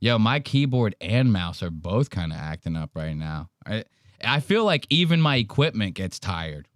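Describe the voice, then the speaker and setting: A man's voice: on the low side, very animated, normal speed, dry recording, clean studio sound. A man giving crude, mocking commentary while reacting to clips on a live stream. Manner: crude, mocking, loose and rambling.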